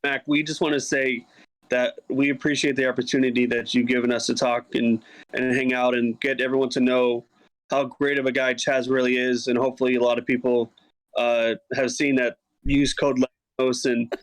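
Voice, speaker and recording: An esports team guest chats earnestly over a video call, tending to ramble as he thanks his host. His voice sits at a plain middle pitch for a man. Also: level tone, fairly quick, rough recording. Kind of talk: casual interview chat.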